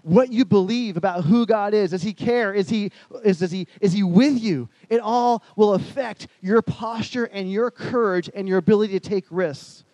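A man preaching a sermon on a headset mic, animated, swinging between loud bursts and hushed passages. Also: high-pitched, moderate pace, few pauses, long reverb tail, low-quality recording.

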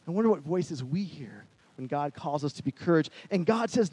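A man preaching a sermon on a headset mic, animated, swinging between loud bursts and hushed passages. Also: a little high, moderate pace, in a large hall, poor audio.

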